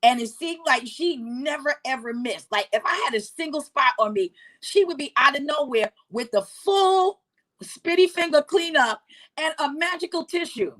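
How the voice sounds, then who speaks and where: A woman's voice: high-pitched, lively intonation, normal speed, fairly bright tone. A woman co-host telling a brash, comic story and mimicking her relatives' voices. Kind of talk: casual storytelling.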